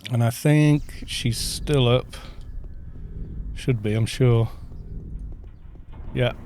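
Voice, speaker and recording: A man's voice: mid-range voice, very slow, a little mellow, slight background noise. A man chatting casually on a live game stream, rambling and musing aloud as he answers chat.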